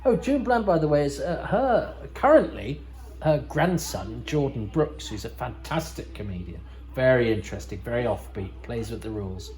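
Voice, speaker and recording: A man's voice: mid-range voice, big pitch swings, normal speed, darkish tone, soft background music, rough recording. A man hosting a podcast, giving casual, rambling commentary over a TV episode with wry asides and frequent self-corrections. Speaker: podcast host.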